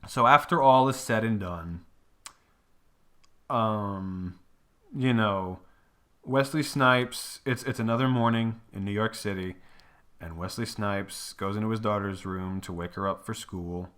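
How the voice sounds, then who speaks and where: Bright-voiced young man ranting casually. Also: fairly low pitch, unhurried. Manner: profane, rambling, laughs often, breaks into exaggerated impressions. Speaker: movie reviewer host. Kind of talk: casual solo movie rant.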